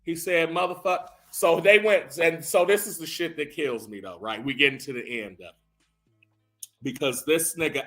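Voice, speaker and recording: A man telling a profane, animated comedic recap of a film, acting out the characters' lines as he goes. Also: fairly high pitch.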